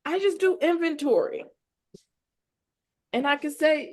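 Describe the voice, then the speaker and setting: A woman guest on a podcast, an artist and educator, talking in a heartfelt, animated way and laughing often. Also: high voice, unhurried. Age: adult with children. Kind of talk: casual conversational interview.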